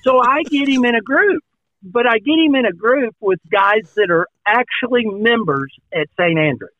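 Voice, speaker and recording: A golf podcast co-host from Oklahoma tells a story in a high voice, acting out both sides of each exchange. The sound is dry and narrow, like a phone line. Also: male voice, normal speed, no echo. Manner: animated anecdote-telling, acts out dialogue. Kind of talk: casual storytelling.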